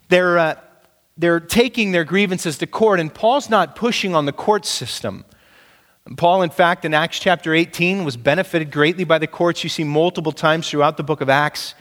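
Male pastor, sermon, slightly high voice, emphatic, rhetorical questions, long hall reverb. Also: fairly bright tone.

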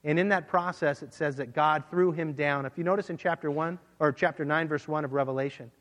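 A man's voice: fairly high pitch, steady tone, brisk, fairly bright tone. A man preaching a sermon, teaching verse by verse and reading scripture aloud. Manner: expository Bible teaching, reads scripture aloud. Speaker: pastor. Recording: long hall reverb.

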